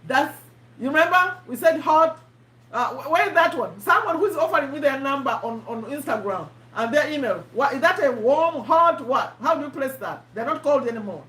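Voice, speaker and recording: High-voiced woman teaching on a live stream. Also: expressive, brisk, fairly bright tone, echoey room, low-quality recording. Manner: chatty, repeats herself, quizzes her audience. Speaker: host teaching online marketing.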